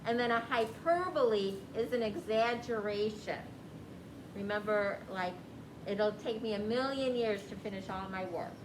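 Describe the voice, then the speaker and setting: Female teacher guiding her class with questions, echoey room with clear ambience behind her. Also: medium pitch, unhurried, noisy background. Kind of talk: classroom reading lesson.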